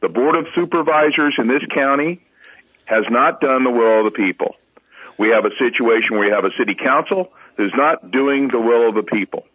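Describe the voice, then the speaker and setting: A man talking politics on a radio show, emphatic and exhorting, his voice rising as he presses his point. He sounds husky, and the audio comes through a narrow, tinny phone line. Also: medium pitch, moderate pace. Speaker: talk radio guest. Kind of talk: political talk radio chat.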